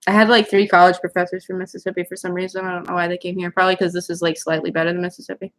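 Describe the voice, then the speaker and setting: A woman's voice: lowish voice, little pitch movement, racing. A young woman from Louisiana hosting a casual livestream, chatting laid-back with viewers and answering their comments. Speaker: livestream host, writer.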